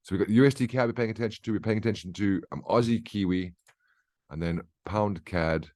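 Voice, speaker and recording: A man's voice: on the low side, a little fast, darkish tone, no echo, clean studio sound. A man giving a casual market briefing over charts, explaining his reasoning and often checking in with the listener. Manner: conversational, keeps checking in with "right?" and "okay?". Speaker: trading educator.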